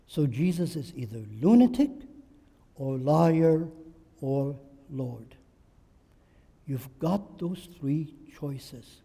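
A man's voice: fairly high pitch, animated, takes it slowly, gravelly, dark tone, slightly rough, long reverb tail. A man preaching a sermon, driving his points home with emphatic rhetorical questions and repetition.

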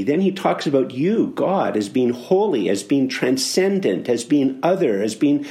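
A man's voice: a little high, very animated, normal speed, few pauses, warm tone, roomy sound. A middle-aged Canadian man preaching a sermon on a psalm, earnest and conversational, often restarting and repeating phrases for emphasis.

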